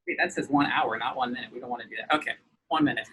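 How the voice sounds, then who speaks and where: A man's voice: medium pitch, a bit bright, breathy edge, poor audio. A man interviewing a colleague outdoors, firing off questions and teasing his guest. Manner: playful, teasing, quick questions. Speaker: interviewer, church organist. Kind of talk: casual interview.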